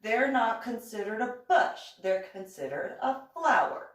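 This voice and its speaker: A woman vlogger telling a story in a casual monologue, indignant and animated, acting out the dialogue. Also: on the high side, unhurried. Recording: roomy echo, voice far from the mic.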